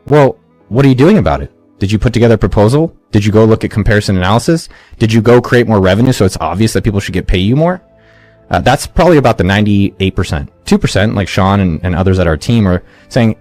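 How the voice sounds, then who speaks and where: A man in his forties, an entrepreneur giving energetic motivational advice in an interview, often restarting and acting out quotes. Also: lowish voice, fast, soft background music. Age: 40s. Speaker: entrepreneur guest.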